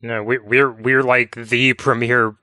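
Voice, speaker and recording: A man's voice: mid-range voice, flat delivery, takes it slowly, bright, forceful tone, no room sound, studio quality. A man in casual podcast chat about video games, thoughtful and meandering, leaning on filler words. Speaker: podcast co-host.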